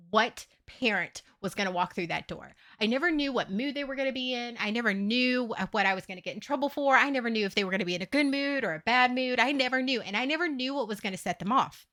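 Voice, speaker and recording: Woman, streamer, casual livestream chat, candid and profane, lively swinging pitch, bright forceful tone.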